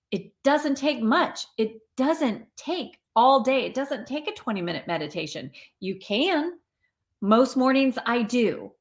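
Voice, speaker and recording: A woman who is a live stream host and spiritual coach reads viewer comments aloud on a casual stream. She's chatty and encouraging, often restarting sentences and praising her viewers, in a medium-pitched, fairly bright voice.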